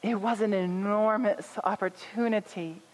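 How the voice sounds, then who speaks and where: A woman's voice: mid-range voice, steady tone, a little slow, long reverb tail, low-quality recording. A woman pastor giving an earnest sermon, building emphasis through repetition.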